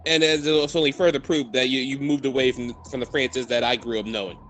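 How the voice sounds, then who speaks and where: A man's voice: mid-range voice, steady tone, quick pace, a bit bright, a little hiss or hum. A man in voice chat teasing a friend, stammering and repeating himself as he makes his point. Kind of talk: casual voice-chat argument.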